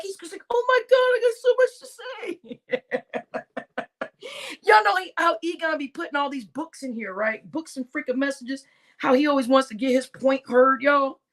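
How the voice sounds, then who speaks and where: A woman's voice: sits high, a bit bright. A woman hosting a casual live stream, chatting and laughing with her viewers and addressing them as y'all. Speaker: livestream host.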